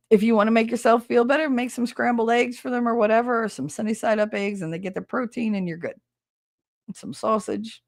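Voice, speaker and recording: A middle-aged woman hosting a podcast in casual solo chat, rambling, nostalgic and self-mocking. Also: medium pitch. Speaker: podcast host.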